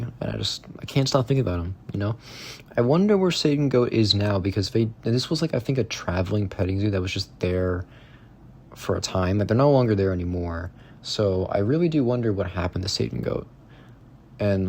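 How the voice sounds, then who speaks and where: A man's voice: lowish voice, a little hiss or hum. A man telling a rambling, casual story to his viewers, full of fillers, asides and swearing, in a tone of amused disbelief. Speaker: vlogger.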